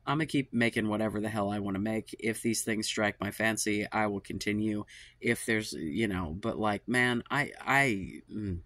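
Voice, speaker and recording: A man's voice on the low side, fairly bright, at a moderate pace and recorded dry. He's the host of a dating-advice channel venting to camera, swearing in exasperation, sighing and trailing off like someone fed up and worn out.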